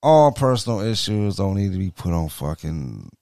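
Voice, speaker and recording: A man's voice: low-pitched, sing-song, moderate pace, creaky, mellow, no echo, clean studio sound. A man with a Southern US accent co-hosting a casual podcast, reacting and reading out contact info. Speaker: podcast co-host. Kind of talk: casual chat.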